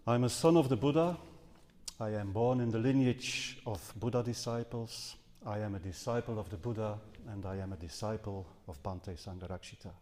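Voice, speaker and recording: A man's voice: on the low side, moderate pace, darkish tone, a little hiss or hum. A man giving a Buddhist dharma talk to a live audience, speaking earnestly with some hesitations and self-corrections. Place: seminar house hall. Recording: long reverb from a hall.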